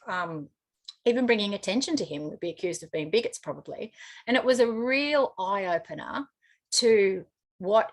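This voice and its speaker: Frank, chatty Australian woman. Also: fairly low pitch. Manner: chatty, frank, with frequent fillers. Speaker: interview guest. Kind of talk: casual storytelling interview.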